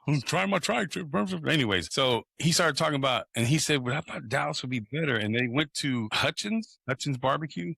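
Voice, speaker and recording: Animated, swearing man. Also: mid-range voice, brisk, gravelly, few pauses, no echo, clean studio sound. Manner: animated, profane, acts out quoted people. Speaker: podcast co-host. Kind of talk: casual storytelling chat.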